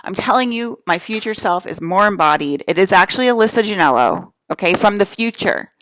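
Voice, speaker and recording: A woman's voice: medium pitch, lively intonation, fairly quick, fairly bright tone, dry recording. A woman from New Jersey rants on her own to camera, swearing freely and repeating her points with heavy emphasis. Her voice sits in an ordinary middle register. It is recorded close and dry, with no room sound. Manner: profane, emphatic, repetitive. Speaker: vlogger. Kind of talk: rambling solo rant to camera.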